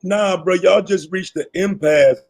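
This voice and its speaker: A man hosting a live stream debate, laid-back and slangy, using lots of fillers while trying to calm things down. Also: high voice, measured pace, vocal fry, poor audio. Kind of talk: casual debate moderating.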